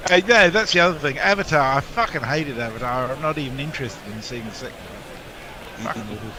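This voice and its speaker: Laughing, swearing co-commentator with hiss. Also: male voice, mid-range voice, lively intonation, fairly quick, sharp tone. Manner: laughs often, swears casually. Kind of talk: casual chat on a cricket broadcast.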